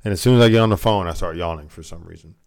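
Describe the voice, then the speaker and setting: A man's voice: low voice, rapid-fire, vocal fry, darkish tone, clean tone. A man, co-hosting a casual podcast chat, drawling and yawning as he talks until he runs out of breath. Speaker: podcast co-host.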